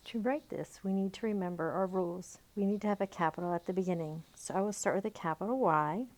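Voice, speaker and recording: A woman teaching a recorded grammar lesson, reading example sentences slowly and deliberately. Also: lowish voice, darkish tone. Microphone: tablet microphone.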